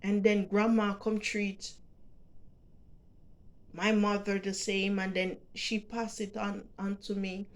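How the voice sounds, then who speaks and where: Middle-aged Jamaican woman, vlogger, unhurried, halting and emotional delivery. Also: medium pitch, little pitch movement. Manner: halting, repeats words, emotional and heartfelt. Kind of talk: personal storytelling to camera.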